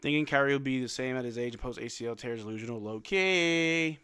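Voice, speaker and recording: A man hosting a late-night live stream watch-along, calling plays in a casual way and swinging between flat dismay and sudden shouts while he is sleepy. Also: medium pitch, brisk, clear, resonant tone, no room sound, studio quality. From New Zealand. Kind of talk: casual play-by-play and chat.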